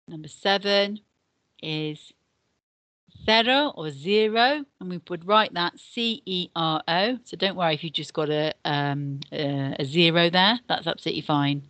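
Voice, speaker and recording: An English woman teaching a recorded Spanish lesson for beginners. She speaks slowly and deliberately, modelling each word for pupils to copy. Her voice sits slightly low, recorded dry and close. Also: fairly bright tone, dry recording. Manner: slow, careful modelling of pronunciation.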